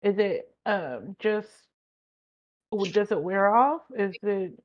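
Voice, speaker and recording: A woman's voice: medium pitch, slow pace, highs cut off. A woman playing a tabletop game on a call, talking hesitantly and thinking aloud. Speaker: player. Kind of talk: casual tabletop game chat.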